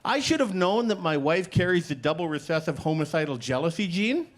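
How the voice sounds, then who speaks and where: A middle-aged man doing a stand-up comedy set, playful with deadpan punchlines, acting out both sides of conversations on stage. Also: fairly high pitch, a little fast. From Canada. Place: comedy stage before a live audience.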